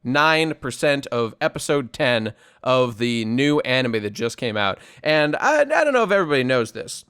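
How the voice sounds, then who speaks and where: A man hosting a casual podcast chat, quick and jokey with a mock-snobbish edge. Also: medium pitch, sing-song, a bit bright, smooth, no room sound. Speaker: host.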